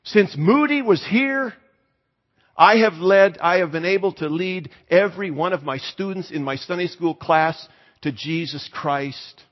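A man voicing a cheerful church lady in a high, gushing falsetto while telling a story in a sermon, heard in an echoey hall. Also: steady tone, moderate pace, natural voice. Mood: delighted. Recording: echoey hall, slightly dull sound.

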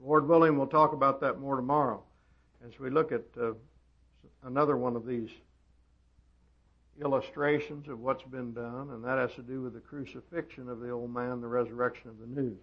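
A man preaching a sermon, swinging from loud emphatic peaks down to quiet asides. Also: fairly even intonation, moderate pace. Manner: emphatic, rising to loud high peaks then dropping quiet. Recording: dull lo-fi sermon recording.

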